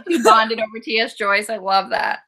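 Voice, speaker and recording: A young woman co-hosting a casual book club chat, with a bright, sharp voice pitched somewhat high. She sounds enthusiastic and giggly, leaning on lots of filler words. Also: steady tone, moderate pace. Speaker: co-host.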